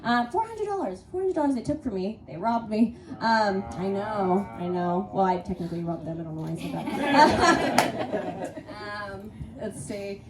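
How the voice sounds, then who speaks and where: A woman's voice: medium pitch, expressive, moderate pace. A young woman doing a stand-up comedy set, rambling and crude, giggling often through her confessional stories. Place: comedy stage before a live audience. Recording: roomy, distant mic, faint audience noise.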